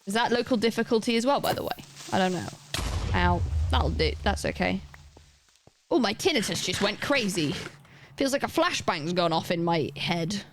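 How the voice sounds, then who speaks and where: A woman's voice: mid-range voice, lively intonation, normal speed, a little hiss or hum. A young woman livestreaming a game, chatting casually and rambling as she plays and talks to her chat.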